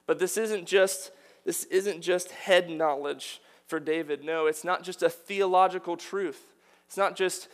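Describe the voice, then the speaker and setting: A man's voice: high voice, fairly even intonation, measured pace. A man preaching a sermon, earnest and building to emphatic declarations.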